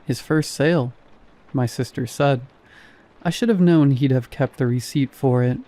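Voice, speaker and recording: A man narrates a first-person scary story with calm, measured pacing. His voice is mellow and dark-toned, sitting at a middle pitch. The reading is steady and scripted. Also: dry recording.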